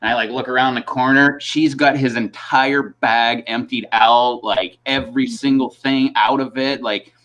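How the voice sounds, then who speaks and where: A man's voice: mid-range voice, steady tone, moderate pace, hardly any pauses, a bit bright. A man hosting a livestream in casual chat, rambling and laughing between his sentences. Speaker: host of a livestream.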